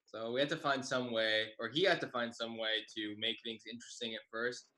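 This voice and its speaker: A young man and comedian telling a shared story in a halting, wry way full of fillers over a video call. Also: mid-range voice, steady tone, pushed and bright, reverberant, low-quality recording. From Bay Area, California. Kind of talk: tag-team comedic storytelling.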